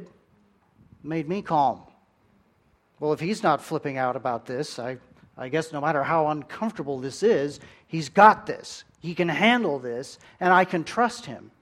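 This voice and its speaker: A man preaching a sermon, telling stories in an animated way with big swings in loudness. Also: a little high.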